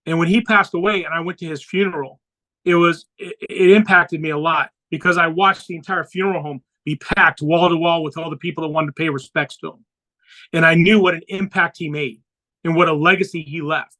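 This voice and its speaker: A man's voice: a little high, steady tone, a little fast, sharp tone, rough recording. A man on a podcast, earnestly telling a personal story and acting out the dialogue he quotes. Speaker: podcast guest.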